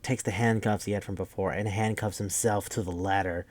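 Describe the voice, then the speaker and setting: A man's voice: on the low side, fairly even intonation, brisk, no echo. A man casually recapping a movie, rambling and swearing with lots of fillers. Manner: rambling, profane, full of fillers. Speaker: podcast host.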